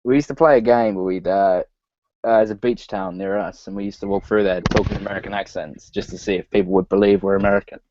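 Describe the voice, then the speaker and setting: A man's voice: sits low, steady tone, quick pace, darkish tone. Laughing man, guest. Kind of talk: casual interview chat. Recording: dull lo-fi audio.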